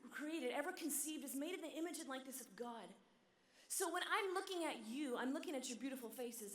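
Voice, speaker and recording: A woman's voice: fairly high pitch, slight background noise. A woman who is a nun gives a humorous, inspirational talk at a youth conference, chatting with the crowd and often asking "okay?" and "right?". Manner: animated storyteller. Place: large conference hall. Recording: echoey hall, long reverb.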